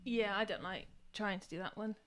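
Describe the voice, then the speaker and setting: A woman's voice: medium pitch, moderate pace, fairly bright tone. A woman co-hosting a casual live stream, teasing and encouraging her partner. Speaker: co-host of a live show.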